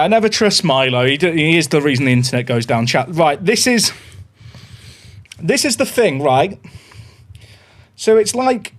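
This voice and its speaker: A young man hosting a casual livestream, chatty and excitable as he talks to his viewers. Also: high voice. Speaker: livestream host.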